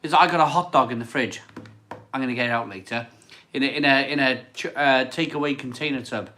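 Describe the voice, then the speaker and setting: A man's voice: mid-range voice, a little fast, bright, forceful tone. A man, hosting a casual live stream, chatting and reading out viewer comments, rambling and repeating himself. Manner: chatty, rambling, repeats phrases, laughs often. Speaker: beer channel host reading live chat.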